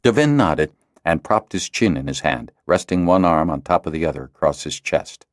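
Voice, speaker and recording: A man narrating a fantasy audiobook in an expressive storytelling style. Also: extremely low pitch, moderate pace, no room sound, studio quality. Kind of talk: scripted narration.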